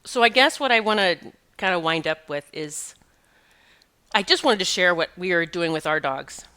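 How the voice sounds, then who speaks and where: A middle-aged woman who hosts a podcast and communicates with pets tells stories in a chatty, rambling way, with many restarts and some laughs. Her fairly low voice is animated, bright, forceful and smooth, at a normal speed.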